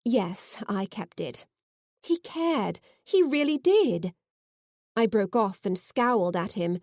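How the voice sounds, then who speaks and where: A woman narrating a science fiction novel in the first person, expressive and heartfelt. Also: mid-range voice, slow pace, dry recording, clean studio sound. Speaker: audiobook narrator.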